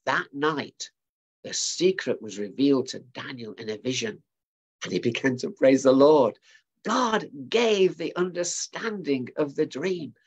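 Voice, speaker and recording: A man's voice: mid-range voice, expressive, a little slow, husky. A man preaching at a family service, retelling a bible story in a chatty way with asides to his listeners.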